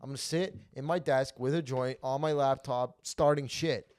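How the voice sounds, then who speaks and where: A man's voice: medium pitch, fairly even intonation, normal speed, a little mellow. A young man hosting a comedy podcast, telling crude, rambling stories between laughs. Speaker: podcast host. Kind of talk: casual comedy podcast chat.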